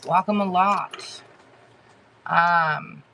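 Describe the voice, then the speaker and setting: A woman giving a live tarot reading to her chat, talking haltingly with many fillers and restarts and greeting viewers by name. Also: on the low side, steady tone, gravelly, sharp tone, a little hiss or hum. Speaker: tarot reader hosting a live stream.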